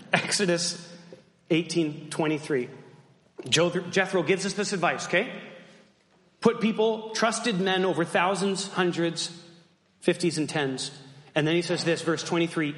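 A man's voice: fairly high pitch, normal speed, long pauses, a bit bright. Male pastor, 30s, sermon with joking asides, slightly weak voice, roomy sanctuary sound. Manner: humorous, self-deprecating asides to the congregation. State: voice still weak after losing it. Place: church sanctuary. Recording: echoey church hall.

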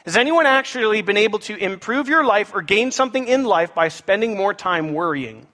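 A male pastor preaches in a high, bright, lively voice. He speaks to the congregation with playful asides. His voice rings around a large hall with a long reverb. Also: a little fast. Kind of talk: sermon.

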